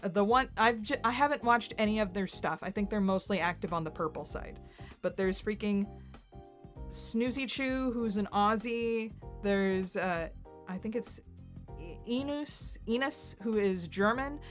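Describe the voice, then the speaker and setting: A woman's voice: mid-range voice, measured pace, faint music behind. A woman in her thirties telling a rambling story casually, giggling often, filling her talk with "like" and acting out what others said. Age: 30s. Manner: giggly and self-deprecating, heavy use of "like"; animated, voices others in quoted asides. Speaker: channel host.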